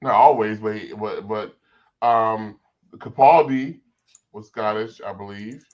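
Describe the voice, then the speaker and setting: A man's voice: lowish voice, takes it slowly, a little mellow, muffled recording. A man on a casual panel show who stammers and repeats words while he gets his point out.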